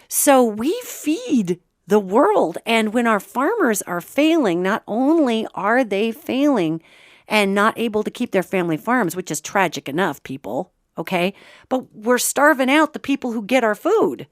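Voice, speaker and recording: A woman's voice: fairly high pitch, unhurried, dry recording, studio quality. A woman hosting a podcast, talking casually and with animation, breaking off to act out quoted remarks. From Montana. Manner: chatty, animated, acts out quotes. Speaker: podcast host. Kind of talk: casual spiritual commentary.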